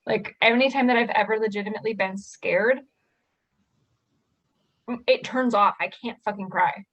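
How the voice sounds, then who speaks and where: A woman co-hosting a casual podcast, blunt and quick to react, swearing freely. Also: mid-range voice, fairly bright tone, dull audio. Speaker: podcast co-host.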